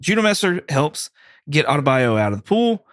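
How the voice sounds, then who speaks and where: A man's voice: on the high side, sing-song, normal speed, no echo, studio quality. A man co-hosting a podcast, casually recapping a TV episode in a rambling way, with frequent "like" and laughter. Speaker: podcast co-host. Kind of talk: casual chat reviewing a TV episode.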